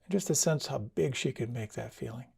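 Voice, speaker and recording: A man giving a dharma talk as a meditation teacher, speaking in a gentle, reflective way. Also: medium pitch, expressive, brisk, vocal fry, slightly rough. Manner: gentle, reflective, tells stories with quoted dialogue.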